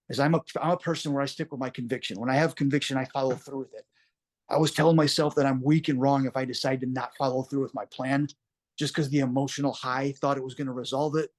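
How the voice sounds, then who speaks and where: Guy being interviewed, mid-pitch voice, earnest and reflective, just telling it straight. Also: fairly even intonation, fast talker. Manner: earnest, plain-spoken, reflective. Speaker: interview guest. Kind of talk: personal story told in an interview.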